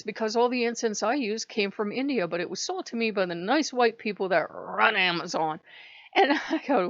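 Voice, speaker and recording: A woman hosting her own channel, ranting in an exasperated, profane, animated way. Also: mid-range voice, normal speed, no echo. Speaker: channel host. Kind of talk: casual ranting vlog. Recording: dull lo-fi dry sound.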